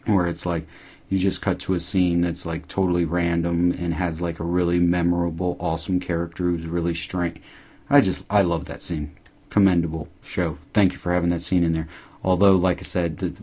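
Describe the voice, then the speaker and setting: A man casually recapping a TV episode, rambling and swearing, quoting characters in high mocking voices. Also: warm tone, breathy edge. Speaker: podcast host recapping a TV episode. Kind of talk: casual chat.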